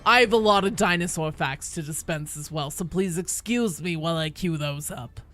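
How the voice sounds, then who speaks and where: Soft music plays behind a gaming live stream where a young adult woman, her voice on the low side, talks at a moderate pace. She keeps up an animated, casual chat with viewers, swearing freely, and the recording has no room sound.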